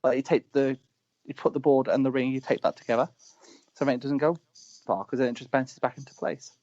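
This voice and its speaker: A young man talks casually as an interview guest, rambling through stories and arguing back with a joke. His pitch sits at a medium level. The audio is slightly dull and lo-fi. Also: fairly even intonation, fairly quick, darkish tone. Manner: rambling, joking, argues back. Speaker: guest, wrestler. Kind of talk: casual chat.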